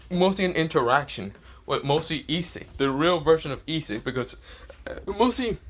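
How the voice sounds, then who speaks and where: A man's voice: mid-range voice, fairly bright tone. A man casually narrating an improvised fan story, rambling with swearing. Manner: rambling, many fillers and restarts, swearing.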